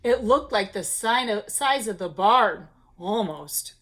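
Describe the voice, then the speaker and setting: Expressive woman reading a children's story. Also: mid-range voice, takes it slowly, slight background noise. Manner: expressive, playful. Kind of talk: children's storybook read-aloud.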